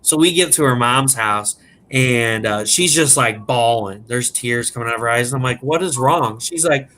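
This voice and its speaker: A man telling a prank story in animated, casual, profane chat as a podcast guest. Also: medium pitch, moderate pace. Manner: animated, profane, laughs at his own story.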